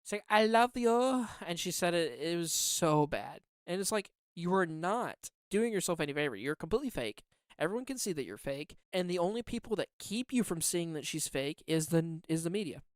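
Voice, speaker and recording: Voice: medium pitch, lively intonation, brisk, dry recording, studio quality. A podcast co-host ranting in heated, indignant political commentary, repeating words for emphasis.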